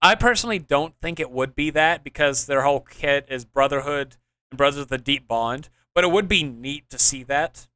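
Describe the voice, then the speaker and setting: A man's voice: on the high side, lively intonation, moderate pace, bright, forceful tone, smooth, dry recording. A young man hosting a casual gaming podcast, rambling and restarting as he explains his ideas with enthusiasm. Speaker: podcast host.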